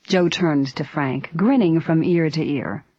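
A woman narrating a story aloud in a steady, even reading voice. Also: low voice, a little slow, dry recording. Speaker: audiobook narrator. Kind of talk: scripted narration. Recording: dry, slightly dull recording.

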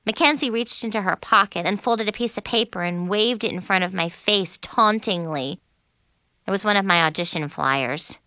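A woman narrating a first-person story as a teenage girl, animated and expressive. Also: mid-range voice, normal speed, no room sound, clean studio sound. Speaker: audiobook narrator.

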